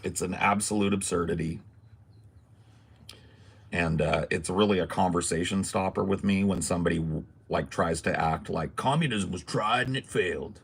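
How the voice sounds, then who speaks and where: Podcast host, male, low husky gravelly voice, emphatic ranter who swears. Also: moderate pace. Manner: emphatic, ranting, swears freely. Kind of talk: casual political podcast talk.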